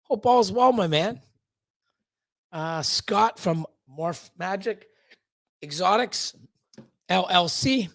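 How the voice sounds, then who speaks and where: Slow, easygoing man hosting a live stream. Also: high-pitched, expressive, no echo. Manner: rambling, loose, full of fillers. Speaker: livestream host. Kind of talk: casual live-stream chat greeting viewers.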